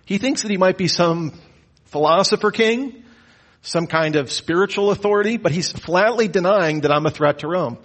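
A man teaching a Bible lecture, with a lively, questioning delivery and mock-incredulous asides. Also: high-pitched, normal speed. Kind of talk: lecture on the Gospels.

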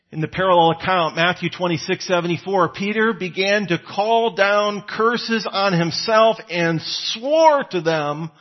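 A man delivers a sermon in a casual, storytelling way, his voice slightly husky and a little higher than most men's. He breaks into quoted lines with sharp jumps in pitch and loudness. The recording sounds dull and lo-fi. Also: moderate pace. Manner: conversational, acts out quoted lines with rising pitch and volume. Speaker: preacher.

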